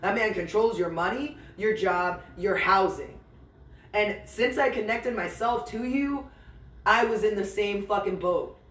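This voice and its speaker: A high-pitched man recounting his own story for a podcast in a blunt, profane way, as if talking straight to his ex. He takes his time with each thought. The room is echoey and he sits back from the microphone. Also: measured pace, fairly bright tone, recorded from a distance. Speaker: podcast host. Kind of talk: candid storytelling monologue. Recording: roomy, a little off-mic.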